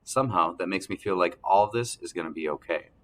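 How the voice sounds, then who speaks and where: A man narrating an audiobook in the first person, telling the story calmly and evenly. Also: deep voice, brisk.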